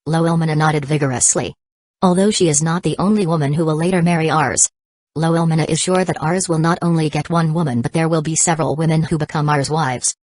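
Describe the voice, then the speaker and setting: A woman narrating a web novel audiobook in a flat, even reading style. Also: deep voice, fast, no room sound. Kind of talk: scripted narration.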